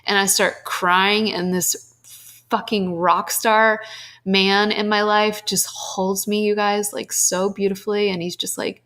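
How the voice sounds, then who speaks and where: A woman's voice: mid-range voice, flat delivery, a little slow, fairly bright tone. A young adult woman hosting a podcast, talking candidly and emotionally about spiritual teachings, with casual swearing.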